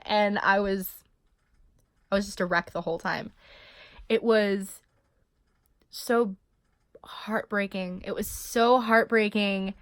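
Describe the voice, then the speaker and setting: A young woman chats straight to her camera in a loose, emotional vlog. She swears freely and leans on fillers. Her voice is mid-pitched and the sound is close and dry. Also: pushed and bright, dry recording. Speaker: vlogger. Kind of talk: casual vlog monologue.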